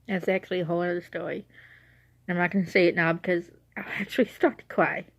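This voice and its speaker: A woman's voice: on the low side, steady tone, quick pace, gravelly. A young woman talking casually in a rambling, self-correcting way on her vlog, emotional as she remembers her late dog. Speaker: vlogger.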